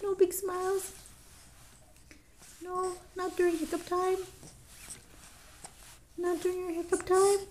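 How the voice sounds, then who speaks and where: A woman with a high, mellow voice coos at her baby in playful baby talk. She draws her words out slowly, in a sing-song lilt. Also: flat delivery, slight background noise. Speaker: mother.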